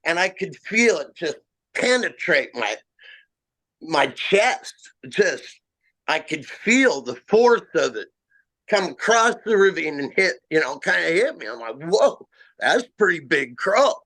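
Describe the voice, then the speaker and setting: A man with a slightly high, bright, forward voice recounts his own encounter. He speaks slowly and haltingly, with "you know" and "uh" scattered through his rambling story. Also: big pitch swings. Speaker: eyewitness guest. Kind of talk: first-person encounter story.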